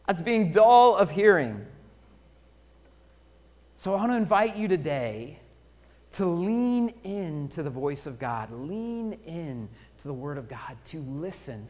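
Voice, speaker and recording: Slow, deliberate male preacher. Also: high voice, expressive. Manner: storytelling preacher, swinging between loud emphasis and near-hushed delivery. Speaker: pastor. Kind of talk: sermon.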